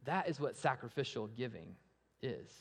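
A man's voice: medium pitch, moderate pace, creaky, slightly rough. Preaching man in a reverberant hall. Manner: rhetorical questions, swelling then dropping to a hush; animated when acting out story voices. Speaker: pastor. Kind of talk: sermon. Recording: long reverb of a large hall.

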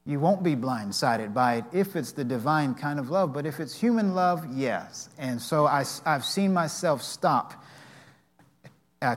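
A man giving an earnest devotional talk with personal stories. He speaks haltingly, with many restarts. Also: a little high.

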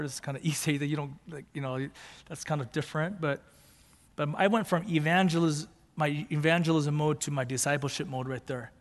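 Earnest pastor in a reverberant hall. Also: male voice, a little high. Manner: conversational, building to fervent emphasis; mixes in Japanese phrases. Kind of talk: storytelling sermon.

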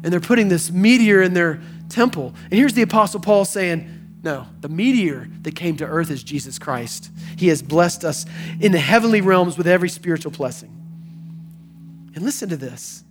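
A man preaching a sermon, swinging between hushed and emphatic delivery. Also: high voice. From American South. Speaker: pastor.

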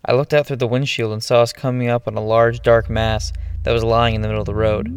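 A man narrating a first-person horror story in a measured, ominous storytelling manner. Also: mid-range voice, little pitch movement, clean tone, no echo, clean studio sound. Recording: narration over music.

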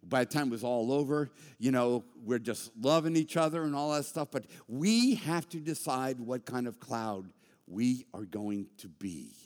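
A man preaching a sermon as a pastor, animated and conversational, with joking asides. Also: mid-range voice, moderate pace, big-room sound. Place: church sanctuary.

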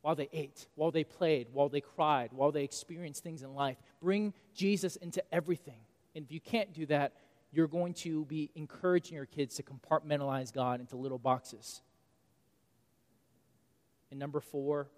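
A man in his thirties preaching a sermon as pastor, animated and swinging between loud and quiet for emphasis. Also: fairly high pitch, a little fast. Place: church sanctuary. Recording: long reverb of a church hall.

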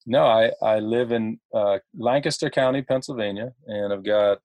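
A man's voice: lowish voice, moderate pace, darkish tone, dry recording. A man from Ohio, a podcast guest telling stories in a chatty way, laughing often and restarting his sentences. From Ohio, United States. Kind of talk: casual storytelling.

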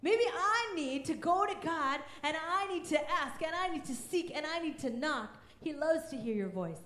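Woman pastor in her 30s preaching, high voice, gets loud and fervent, echoey church room. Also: lively intonation, normal speed. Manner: emphatic and fervent, often raising her voice. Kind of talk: sermon.

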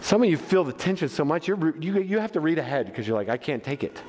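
A man's voice: fairly high pitch, very animated, fast, a little mellow, a little hiss or hum. A man preaching a sermon in a church hall, emphatic and passionate, with frequent stammering restarts. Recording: long church hall reverb.

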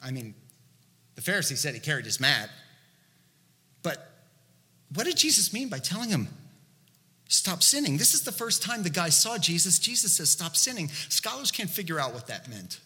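A man preaching a sermon in an animated, conversational way, asking the listeners many rhetorical questions. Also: fairly high pitch, normal speed, long pauses, big-room sound. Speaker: pastor.

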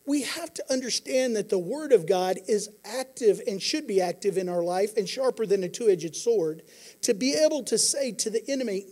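A pastor preaching a sermon, earnest, moving between quiet passages and emphatic declarations. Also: male voice, sits high, lively intonation, normal speed.

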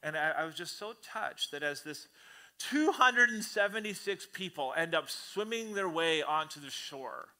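A man preaching a sermon to his church congregation in an animated, conversational way, often acting out the voices he quotes. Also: fairly high pitch, moderate pace. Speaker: pastor. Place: church service before a congregation.

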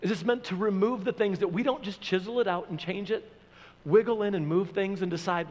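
A man's voice: high-pitched, brisk, a little mellow. A man preaching a sermon with emphasis, repeating his points and acting out quoted prayers. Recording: long reverb of a large hall.

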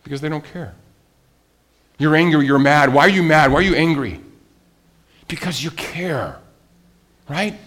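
A man preaching a sermon as a pastor, animated, with rhetorical questions and swings from loud emphasis to quiet asides. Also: fairly high pitch, unhurried, long pauses.

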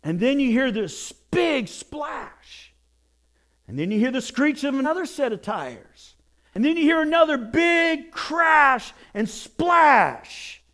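High-pitched, animated male pastor preaching. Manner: animated storytelling with acted quotes and jokes. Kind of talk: sermon.

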